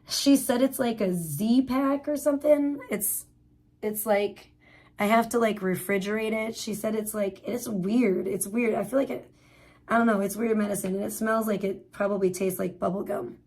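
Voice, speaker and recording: A woman's voice: mid-range voice, steady tone, normal speed, a little mellow. A woman hosting a livestream, giving blunt, profane commentary in casual, rambling talk. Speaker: livestream host.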